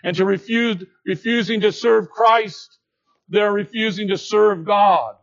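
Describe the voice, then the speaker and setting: A man with a high voice preaches a careful expository sermon at an unhurried pace. He sinks into hushed low passages and then climbs back to emphatic declarations. The recording is muffled and lo-fi. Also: fairly even intonation, vocal fry. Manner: deliberate, swings between hushed low tones and raised emphatic lines.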